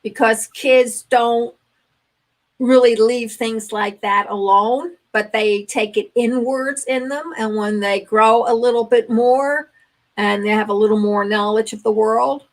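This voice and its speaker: A woman's voice: a little high, fairly even intonation, unhurried, poor audio. An older woman, a grandmother, speaks as a guest on a talk radio show, telling stories earnestly and acting out the conversations in them. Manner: earnest storytelling, acts out dialogue.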